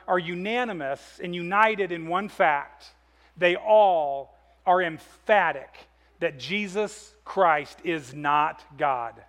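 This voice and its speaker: A man with a high-pitched voice preaching a sermon as a pastor. He speaks with eager, emphatic energy, repeating words and restarting phrases to hammer his points.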